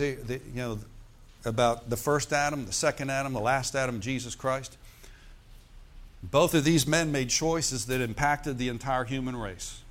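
A man preaching a sermon, slowing down to stress key words and asking the congregation "Amen?" between points. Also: medium pitch, a bit bright. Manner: preacher's call-and-response with "Amen?" and "Praise the Lord". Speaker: pastor.

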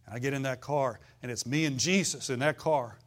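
A man's voice: medium pitch, brisk. Fiery preacher man. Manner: fiery, folksy preaching with call-and-response. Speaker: pastor. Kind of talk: sermon.

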